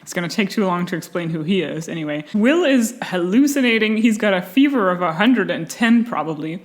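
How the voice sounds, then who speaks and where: Woman, casual commentary host, animated, sarcastic, frequent laughs, medium pitch. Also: a little fast. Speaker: video essay host.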